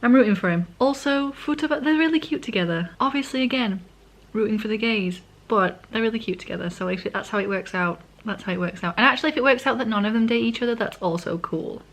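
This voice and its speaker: A woman's voice: fairly high pitch, quick pace. A woman, casually recapping a manga in a rambling, chatty way, sometimes correcting herself and eating as she talks. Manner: eating while talking. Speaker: vlogger.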